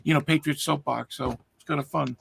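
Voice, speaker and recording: A man's voice: on the high side, steady tone, fairly quick, gravelly, fairly bright tone, a little hiss or hum. A man on a call who talks eagerly about tech and offers to help. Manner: enthusiastic, helpful. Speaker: call-in guest. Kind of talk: casual call-in chat.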